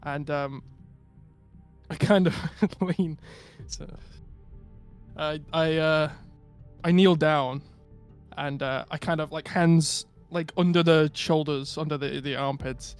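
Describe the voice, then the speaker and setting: A man playing a tabletop role-playing game, describing his character's actions haltingly and bursting into emotional in-character lines. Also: on the high side, steady tone, clean tone, faint music behind. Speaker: player.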